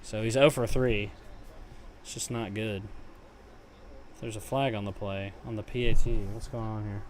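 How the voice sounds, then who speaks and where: A man's voice: lowish voice, steady tone, normal speed, a little hiss or hum. A young man reacting live to a football game, grumbling and cursing at his team and then erupting into cheers on big plays. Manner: frustrated, swears, talks back to chat.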